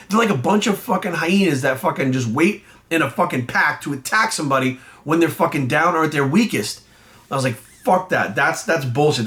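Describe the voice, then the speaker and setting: In a medium-pitched, fairly bright voice, a bodybuilding coach and vlogger goes off on camera. His heated rant is blunt and loaded with profanity, and his anger keeps climbing.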